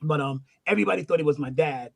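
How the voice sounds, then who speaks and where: A middle-aged man, a guest musician, telling an animated, profane story in casual chat. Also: fairly high pitch, fast talker, creaky. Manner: animated, profane, acts out the voices in his stories.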